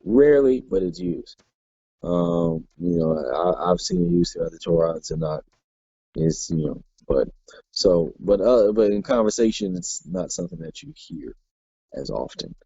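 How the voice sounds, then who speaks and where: A man teaching a Hebrew grammar class in a relaxed way, with lots of fillers and restarts. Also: low voice, measured pace, gravelly, husky, dry recording. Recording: dull lo-fi class recording.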